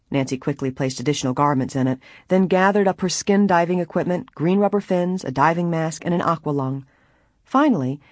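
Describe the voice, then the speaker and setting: Brief: even, breathy storybook narrator, dry, soft music bed. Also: medium pitch, no echo. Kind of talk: audiobook narration.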